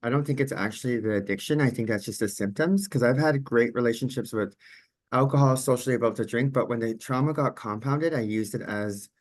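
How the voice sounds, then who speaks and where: Guy on a video call, mid-pitch voice, super upfront and honest, laughs a lot. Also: brisk. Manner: frank, open, laughs easily. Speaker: journalist and advocate joining the meeting. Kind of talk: casual comment on a video call.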